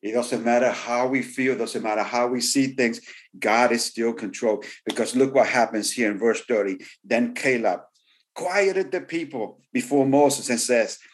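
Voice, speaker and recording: A man's voice: mid-range voice, normal speed. A man preaching a sermon, repeating key phrases for emphasis and often saying "you know.". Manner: frequent "you know" fillers. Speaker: pastor.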